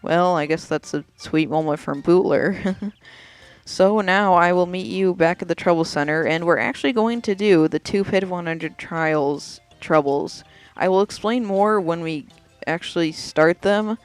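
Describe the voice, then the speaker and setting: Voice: mid-range voice, unhurried, clean tone, soft background music. A let's player chatting offhand while commenting on a video game.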